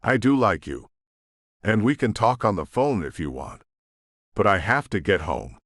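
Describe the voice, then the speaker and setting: A man narrating a romance audiobook in the first person, with an expressive reading. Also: lowish voice, normal speed, no echo, studio quality.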